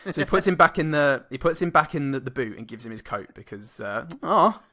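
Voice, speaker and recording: Bright-voiced man riffing with laughs. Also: mid-range voice, lively intonation, a little fast. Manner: laughs often, breaks into shouted mock quotes of film characters. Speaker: podcast co-host. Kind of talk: casual comedic film chat.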